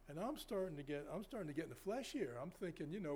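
A man preaching a sermon in a folksy, rambling way, with many restarts and sudden loud emphasis. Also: a little high, lively intonation, fast talker, a little hiss or hum. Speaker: pastor.

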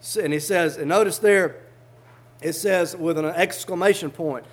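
A man with a notably high speaking voice preaches a fervent sermon. He reads scripture in old-fashioned wording and then explains it to the congregation in plain, everyday terms. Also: moderate pace.

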